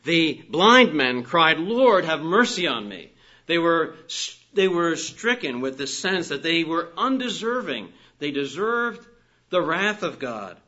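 A man delivers a sermon in an earnest, emphatic way, his voice rising on key phrases and falling quiet at the ends of sentences. His voice is bright and forceful and sits a little high. The recording is dull and lo-fi. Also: very animated, takes it slowly. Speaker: preacher.

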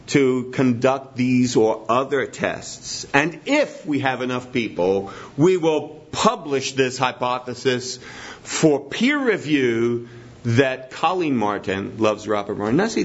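A man's voice: mid-range voice, sing-song, a little slow. A man preaching a sermon in a teacherly way, repeating his key points for emphasis. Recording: dull lo-fi recording.

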